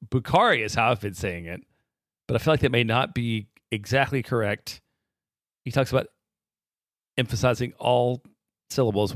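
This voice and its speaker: A man co-hosts a soccer podcast in relaxed, casual chat and laughs easily. His voice sits mid-range. The recording is dry, with no room sound. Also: mid-range voice, no echo. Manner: relaxed, laughs easily, reads listener questions.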